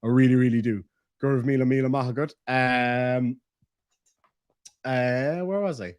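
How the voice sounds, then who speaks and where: A man's voice: medium pitch, fairly even intonation, a little slow, darkish tone, clear, resonant tone, no room sound, studio quality. A man with an Irish accent hosting a livestream, reading out viewer messages in a casual, joking, playfully crude way. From Ireland. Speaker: livestream host.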